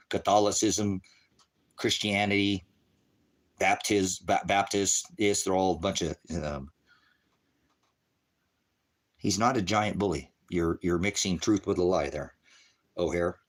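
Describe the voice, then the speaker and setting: A man on a livestream, ranting about scripture at his chat, swearing and taunting, dropping from low mutters to high shouts. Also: fairly even intonation, takes it slowly, pauses often. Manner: profane, taunting, mocking laughter. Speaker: livestream preacher. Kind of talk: heated livestream rant at chat.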